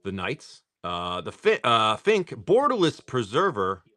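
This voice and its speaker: A man hosting a live stream, rambling casually, swearing freely, and reading off card names in quick lists. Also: fairly low pitch, huge pitch swings, fairly bright tone, no echo. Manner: rambling, swears freely, laughs often at chat. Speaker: live-stream host opening card packs.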